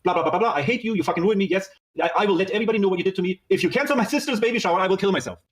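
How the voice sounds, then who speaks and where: A man with a high voice talking at a very fast clip. He reads out an old text-message argument line by line, narrating who said what. He swears freely between the messages. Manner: rapid reading aloud, swearing, narrating "she says, I said". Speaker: guest reading out his text messages. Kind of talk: fast recounting of a dispute.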